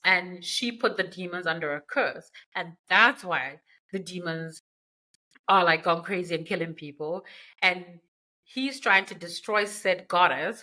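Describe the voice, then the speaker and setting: On a podcast she hosts, a woman recaps a book's plot in a chatty, slangy way, tossing in asides. Her voice sits on the low side, bright and forceful, though the audio quality is poor.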